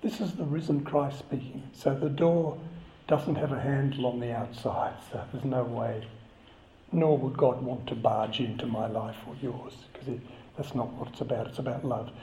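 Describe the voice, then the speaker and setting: A man's voice: medium pitch, normal speed, mellow. A man giving a chatty, conversational sermon and joking with the congregation. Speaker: preacher. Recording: echoey, slightly dull church recording.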